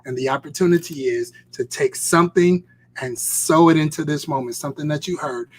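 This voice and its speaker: Male host-preacher, urgent and repetitive, voice sits a touch high. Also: brisk, husky. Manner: fervent, urging, repetitive exhortation. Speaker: host and pastor. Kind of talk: live-stream sermon talk.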